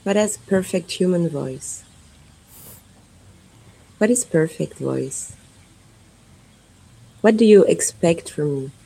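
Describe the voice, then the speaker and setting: A woman performance artist from France, speaking in slow, repetitive, incantatory phrases as part of an improvised radio performance. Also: on the low side, expressive, creaky, dark tone, slightly rough, rough recording.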